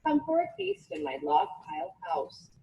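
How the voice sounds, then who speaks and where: A woman voicing a sly, hungry male snake with a smooth, coaxing manner. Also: high-pitched, big pitch swings, moderate pace, reverberant, far from the mic, dull audio, noisy background, exaggerated voice.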